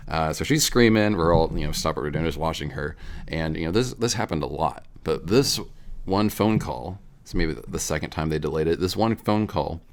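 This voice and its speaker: A man's voice: extremely low pitch, normal speed. A young man co-hosting a casual talk show, rambling and laughing as he tells a story. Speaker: podcast co-host.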